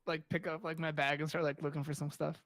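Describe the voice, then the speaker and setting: A man playing a tabletop game, bantering in an animated, playful way. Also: fairly high pitch, quick pace. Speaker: player.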